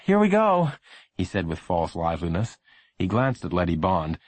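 Low-voiced male audiobook narrator, lively delivery, dry close sound. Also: slightly rough, dry recording. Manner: expressive storytelling.

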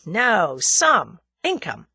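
A woman's voice: fairly low pitch, huge pitch swings, drawn-out words, gravelly, pushed and bright, slightly rough, no room sound, heavily acted. Lady doing a chatty american guy, folksy slang, dry close sound. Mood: teasing. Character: brash young American man, friendly.

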